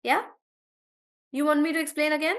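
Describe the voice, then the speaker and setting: A woman's voice: sits high, fairly even intonation, brisk, fairly bright tone. A young woman teaching an online class, thinking aloud as she checks words and encourages students. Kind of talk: live online class, coaching students on syllables.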